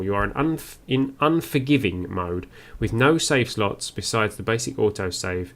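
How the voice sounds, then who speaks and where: A man's voice: lowish voice, animated, measured pace, hardly any pauses, fairly bright tone. A man giving first-play game commentary, musing aloud and reading on-screen text as he goes. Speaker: game streamer.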